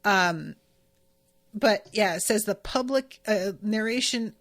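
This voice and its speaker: A woman's voice: medium pitch, slow, a bit bright. A woman hosting a podcast and casually recapping an episode, gushing and swearing freely. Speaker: podcast host.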